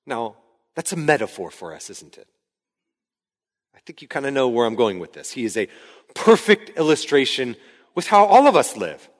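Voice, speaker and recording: A man in his thirties preaching a sermon as pastor, conversational and rising to shouts when he acts out a scene. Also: medium pitch, very animated, normal speed, pauses often. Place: church sanctuary. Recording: hall reverb from a large room.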